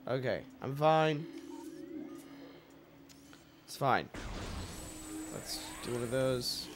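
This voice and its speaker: A man's voice: mid-range voice, animated, very slow, long pauses, soft background music. A young man hosting a let's play, commentating with jokes, swearing and sudden yelps at the game. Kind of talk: gameplay commentary.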